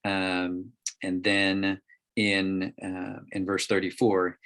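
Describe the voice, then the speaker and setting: A man with a very deep voice leads a Bible study over a group call. He talks through the passage in a halting, unpolished way, often pausing on ums and starting phrases again. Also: monotone, a bit bright. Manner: halting, many ums and restarts, reads scripture aloud. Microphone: call microphone.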